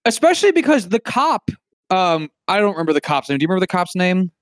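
A person co-hosting a casual film chat, talking in an animated, incredulous, profane way. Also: medium pitch, fast talker, no echo.

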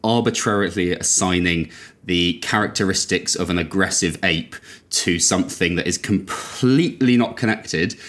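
A man's voice: sits low, moderate pace, fairly bright tone. Exasperated man ranting on a podcast. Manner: exasperated ranting, incredulous laughing outbursts. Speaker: podcast co-host. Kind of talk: casual chat.

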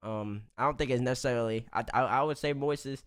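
Rapid, rambling panel guest with a clear, higher voice. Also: male voice, fairly bright tone. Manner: rambling, repeats himself. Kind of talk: casual panel chat.

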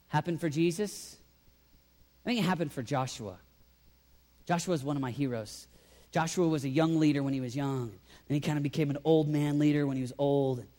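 A man preaching a sermon as pastor, talking in an animated way and swinging from loud emphasis to quiet intensity. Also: a little high. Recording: long hall reverb.

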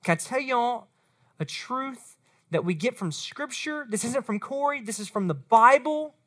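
A woman's voice: a little high, measured pace. A woman, preaching as a youth pastor to middle school students and speaking straight to them. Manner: animated, talks straight to the students.

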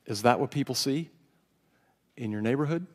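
A man's voice: mid-range voice, moderate pace, in a large hall. A man preaching a sermon, reading scripture aloud with dramatic voices and chuckling as he comments. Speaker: pastor.

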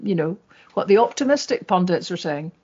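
A woman's voice: on the low side, animated, fairly quick, warm tone, slightly rough. A woman co-hosting a political discussion podcast in a chatty, wry way with many fillers. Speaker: podcast co-host. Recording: dull lo-fi sound.

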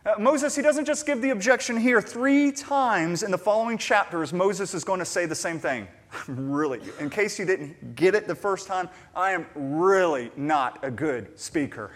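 A man preaching a sermon, animated, acting out the voices of the figures he reads about and shifting between quiet and loud. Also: high voice, normal speed. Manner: animated, acts out biblical voices with shifting loudness. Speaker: pastor.

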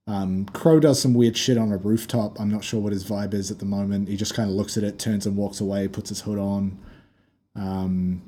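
Low, husky-voiced man, casual chat. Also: warm tone. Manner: loose, rambling, many fillers and restarts. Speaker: podcast co-host. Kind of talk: casual chat about a video game.

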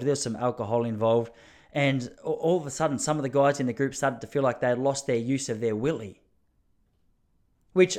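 A man hosting a casual solo podcast, rambling and self-mocking, laughing at his own jokes. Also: medium pitch. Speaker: podcast host.

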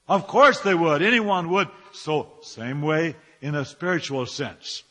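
Bright, husky-voiced preacher man in a hall. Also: a little high, animated, a little slow, hardly any pauses. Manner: preaching with rhetorical questions and emphatic rising phrases. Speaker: pastor. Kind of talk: sermon.

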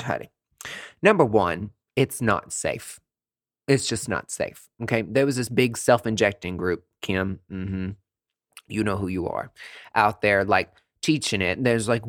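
A man's voice: mid-range voice, a bit bright, no room sound, studio quality. A man who works as a nurse injector, ranting to camera in a sassy, profane, dramatic way.

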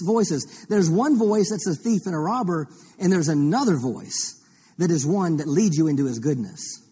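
Male pastor, mellow husky voice, teaching sermon full of rhetorical questions. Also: high voice. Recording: long reverb of a large hall.

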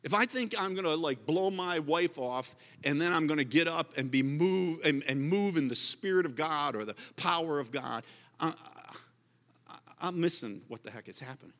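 High bright guy preaching, repeats himself a lot, big hall echo. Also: moderate pace. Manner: emphatic, repetitive preaching with restarts. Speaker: pastor. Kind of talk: sermon.

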